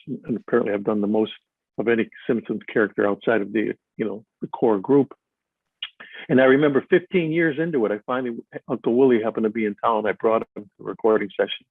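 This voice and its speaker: A man's voice: medium pitch, fairly quick, creaky, husky, no room sound. An older man from Chicago, an actor being interviewed live, telling stories in a rambling way with many fillers and restarts. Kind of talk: live stage interview, storytelling. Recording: tinny phone-like sound.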